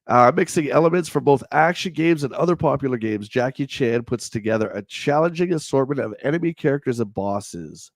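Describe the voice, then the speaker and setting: Nasal, congested male host, chatty and jokey, reads reviews then wanders off-script; dry close mic, mid-pitched. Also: animated, normal speed, no echo. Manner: rambling, jokey, reads then riffs on the text. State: stuffed-up nasal voice. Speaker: livestream host reading an old gaming magazine. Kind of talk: casual chat, reading reviews aloud.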